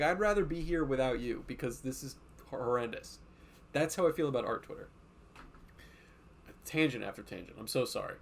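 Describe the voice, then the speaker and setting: A man's voice: on the high side, creaky, a little hiss or hum. A man hosting a casual art livestream, talking in a rambling, profane way and drifting from tangent to tangent while he draws. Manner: animated, often slipping into quoted voices. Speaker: art streamer and host.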